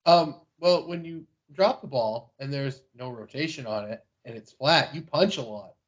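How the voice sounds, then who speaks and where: A man's voice: medium pitch, normal speed. Teasing man, dull lo-fi podcast sound. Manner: teasing, dry humor. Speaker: podcast co-host. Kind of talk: casual banter.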